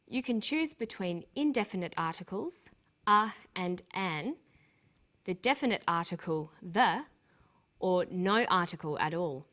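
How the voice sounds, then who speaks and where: A woman presenting a scripted English lesson, explaining grammar clearly and deliberately, slowing down for example words. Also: fairly low pitch, a bit bright.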